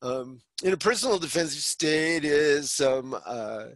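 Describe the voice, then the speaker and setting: A man's voice: fairly high pitch, lively intonation, measured pace, dry recording. A man teaching psychology in an explanatory talk, checking in with frequent "okay?" and acting out short example dialogues.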